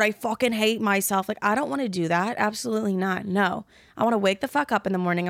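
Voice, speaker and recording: A woman's voice: mid-range voice, dry recording, studio quality. A woman in her twenties chatting candidly as a podcast host, blunt and rambling, swearing freely. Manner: blunt, swears freely, rambling self-talk with loud asides. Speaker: podcast host answering listener questions. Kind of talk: casual candid chat.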